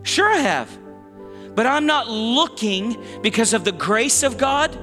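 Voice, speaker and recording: A man's voice: extremely high pitch, lively intonation, measured pace, sharp tone, long reverb tail, faint music behind. A man preaching a sermon as pastor, talking in a conversational way that stops and restarts often, with asides to the congregation. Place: church sanctuary.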